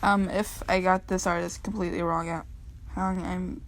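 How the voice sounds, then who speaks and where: A woman's voice: on the low side, level tone, moderate pace, gravelly, slight background noise. Rambling, giggly young woman. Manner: rambling, giggly, full of ums and restarts. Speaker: comic reader vlogger. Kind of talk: casual comic reading and chat.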